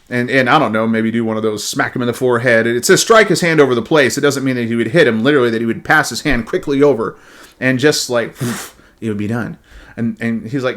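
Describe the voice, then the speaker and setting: A man giving a devotional Bible talk in an animated way, often repeating words as he starts a thought. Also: mid-range voice, fairly quick. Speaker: Bible teacher.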